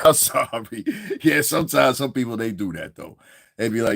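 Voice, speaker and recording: A man's voice: mid-range voice, sing-song, normal speed, gravelly, fairly bright tone, no echo, studio quality. A man with a Northeastern US accent ranting on a livestream, swearing freely, laughing a lot and mocking voices. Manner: profane, laughing, mocks voices. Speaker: online commentator. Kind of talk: livestream commentary rant.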